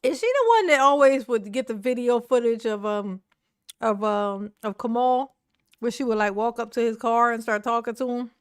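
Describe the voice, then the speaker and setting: A woman's voice: on the high side, animated, normal speed, smooth, no echo, studio quality. Chatty, slangy woman commenting. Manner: chatty and slangy, laughs often, talks back to the video. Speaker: online commentary host. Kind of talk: casual livestream commentary.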